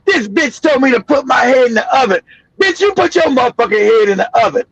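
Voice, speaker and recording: A man in his fifties from the United States, telling profane family stories on his stream with loud cackling laughs. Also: very high-pitched, animated, fairly quick, creaky, husky, no echo. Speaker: streamer host. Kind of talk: profane casual storytelling. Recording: dull lo-fi dry stream audio.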